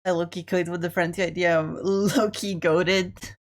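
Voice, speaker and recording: Low-voiced joking woman streamer. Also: steady tone, moderate pace. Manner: joking, profane, self-mocking. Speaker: art streamer. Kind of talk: casual stream chat.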